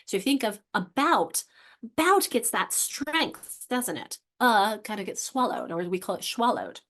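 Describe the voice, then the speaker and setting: A woman teaching other teachers online, speaking casually and often restarting her sentences. She stops to sound out vowels and words as examples. Her voice is of ordinary pitch for a woman and comes through a computer microphone. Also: animated, a little slow, a bit bright. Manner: conversational, frequent restarts, sounds out vowels to demonstrate. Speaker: literacy instructor leading teacher training. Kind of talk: online training lecture.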